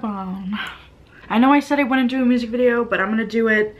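A woman's voice: a little high, fairly quick. A young woman vlogging casually at home, chatty and self-amused as she sets up and tests a new microphone. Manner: chatty, self-amused, talks to her mic setup. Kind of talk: casual vlog chat. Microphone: new condenser microphone.

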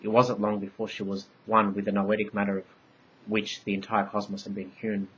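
A man reading his own story aloud in measured, ornate narration. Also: on the low side, flat delivery, a bit bright, muffled recording, a little hiss or hum.

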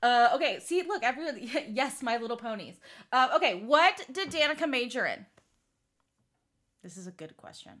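A woman runs a relaxed book club quiz with friends, lively and quick to laugh. Her voice sits a little high and rings very bright. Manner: lively, laughing, asks trivia questions. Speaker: host of a book club live stream. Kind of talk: casual quiz chat.

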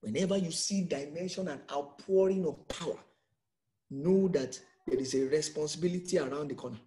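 A man's voice: on the high side, darkish tone. A man with a Nigerian accent preaching an emphatic sermon as pastor, full of rhetorical questions.

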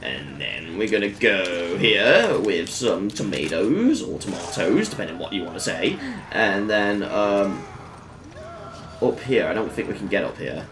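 A man giving casual gameplay commentary in a fairly low voice. His pitch swings widely as he bursts into excited exclamations between relaxed remarks. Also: unhurried, background noise. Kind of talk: casual let's-play commentary.

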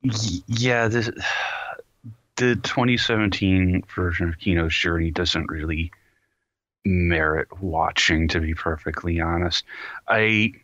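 Low-voiced man ranting casually. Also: unhurried, no echo, highs cut off. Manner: animated, exasperated rants with sighs. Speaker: podcast co-host. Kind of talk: casual chat.

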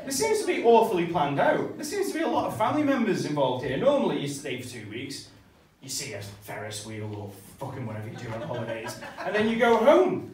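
A man's voice: on the high side, sing-song, fairly quick, darkish tone, distant mic, slight background noise. A young man doing a stand-up set, swearing constantly and laughing at his own jokes, a bit tipsy. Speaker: stand-up comedian. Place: small comedy club. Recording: echoey club recorded from afar with crowd. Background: laughing crowd.

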